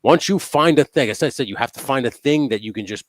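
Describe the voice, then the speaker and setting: A man's voice: mid-range voice, fast talker, dry recording. A man hosting a live stream in casual chat, joking and laughing often. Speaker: host.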